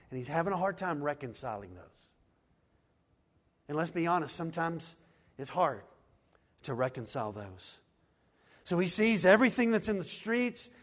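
A man preaching a sermon in an earnest voice, swinging from loud pleading to hushed, low lines. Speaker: pastor.

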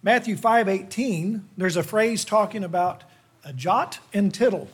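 A man's voice: sits high, unhurried, husky. A middle-aged man, a lay preacher delivering a sermon to a church in a folksy, self-deprecating, conversational manner.

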